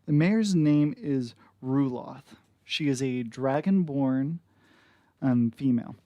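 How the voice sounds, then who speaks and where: A man's voice: medium pitch, slow pace, no room sound, highs cut off. A man running a tabletop game, describing the scene in a loose, chatty way. He drops in plenty of fillers as he goes. His voice sounds close and dry. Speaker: game master.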